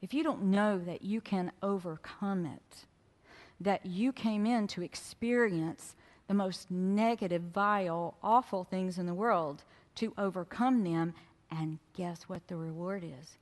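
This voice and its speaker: Lowish woman speaker, blunt and lively, telling stories to a crowd, big hall echo. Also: a little slow. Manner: frank, animated storyteller who addresses the audience directly. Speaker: spiritual speaker. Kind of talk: storytelling presentation to a live audience. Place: lecture hall at a fellowship event. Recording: long reverb of a hall.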